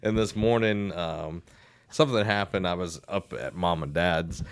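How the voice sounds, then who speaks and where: Low-voiced Southern band director. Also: male voice, a little slow, clean tone, no room sound. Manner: rambling, hesitant, many fillers. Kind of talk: casual podcast chat.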